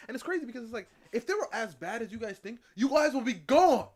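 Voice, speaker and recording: A streamer reacting to a clip, incredulous and rambling, sometimes mocking. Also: male voice, very high voice, lively intonation, fast talker. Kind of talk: live stream reaction commentary.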